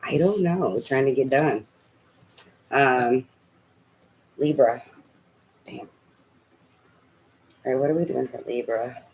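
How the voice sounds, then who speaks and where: A man's voice: mid-range voice, steady tone, slow pace, gravelly, long pauses, darkish tone, rough recording. Chatty man giving a tarot reading. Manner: chatty, swears casually, talks to spirit aloud. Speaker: tarot reader.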